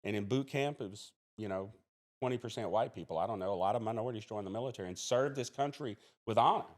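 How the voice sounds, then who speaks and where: A man's voice: fairly low pitch, fast. A man in his forties from Mississippi, a podcast guest who speaks earnestly and plainly, often restarting his sentences. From Mississippi, USA. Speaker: podcast guest, criminology professor and police officer. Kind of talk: interview storytelling.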